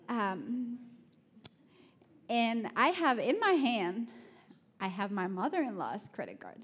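A woman preaches at an unhurried pace in a slightly husky voice. She tells personal stories with animated, self-mocking energy and drops to soft, prayerful asides. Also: fairly high pitch. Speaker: speaker at a church.

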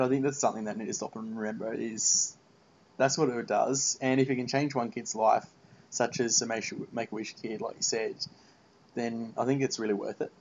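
A man's voice: mid-range voice, a little hiss or hum. Earnest man host, muffled sound. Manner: earnest, rambling with fillers. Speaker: podcast host. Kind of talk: casual interview chat. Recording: dull muffled podcast audio.

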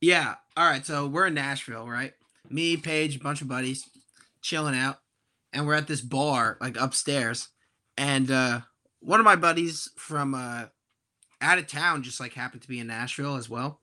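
Bright, profane young man telling stories. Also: mid-range voice, moderate pace. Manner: profane, animated, exasperated. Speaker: podcast guest. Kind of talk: comedic storytelling on a podcast.

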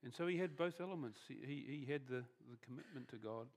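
A man preaching a conversational sermon as pastor, often restarting phrases and trailing off softer at the end of thoughts. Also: medium pitch, fast.

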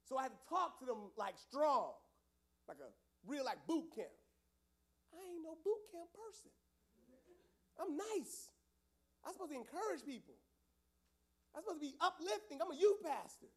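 A youth pastor telling a story to young people in a lively, casual way, with loud outbursts. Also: male voice, extremely high pitch, normal speed, pauses often.

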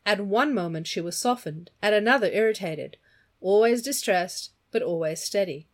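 Expressive woman reading a novel aloud. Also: mid-range voice, normal speed. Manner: expressive, voices the characters. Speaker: reader of a novel.

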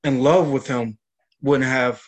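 A man co-hosting a casual chat, talking in a halting way with repeated words as he corrects details. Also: mid-range voice, steady tone, breathy edge. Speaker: podcast co-host. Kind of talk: casual chat recapping an anime.

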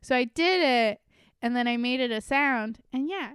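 Chatty young woman, clear voice. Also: on the high side, animated, moderate pace, fairly bright tone, dry recording, clean studio sound. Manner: chatty storytelling with many likes and ums. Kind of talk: casual chat.

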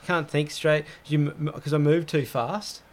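A young man hosting a podcast, telling stories in casual chat, full of "like" and acted-out quotes. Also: normal speed. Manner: animated storyteller, heavy use of "like", acts out quotes with rising pitch. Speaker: podcast host.

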